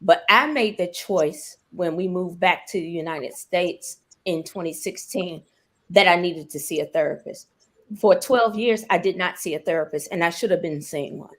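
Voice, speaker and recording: Woman guest sharing her story, candid and open, lowish pitch. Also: moderate pace. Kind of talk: personal story on a panel.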